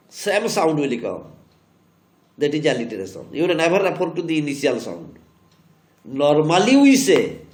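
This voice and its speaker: A high, lively male voice with an Indian English accent, teaching slowly and spelling points out again and again. He repeats every key phrase to drive it home, and the recording has the echo of a bare room. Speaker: literature teacher. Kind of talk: classroom lecture on poetry. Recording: echoey room.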